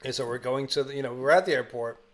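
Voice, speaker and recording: A man's voice: medium pitch, very fast. Rambling man recapping a film. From Bulgaria. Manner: rambling, laughing recaps full of fillers. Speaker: podcast co-host. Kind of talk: casual chat.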